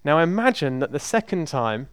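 A man preaches in a conversational, emphatic style and repeats words to drive a point home. His voice is smooth and resonant, recorded close with little room sound. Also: a little high, very animated, normal speed, dry recording. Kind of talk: sermon.

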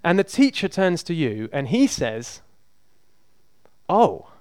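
Preacher with a smooth, resonant voice. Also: male voice, fairly high pitch, sing-song, normal speed, a little mellow, no room sound. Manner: conversational, emphatic, repeats for emphasis. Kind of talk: sermon.

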